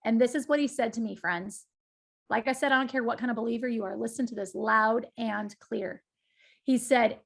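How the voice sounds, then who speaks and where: A woman's voice: fairly high pitch, normal speed, creaky. A middle-aged woman giving a talk, telling a personal story with emphatic energy and frequent asides to her listeners. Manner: lively, emphatic storytelling with direct asides to the audience. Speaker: guest speaker.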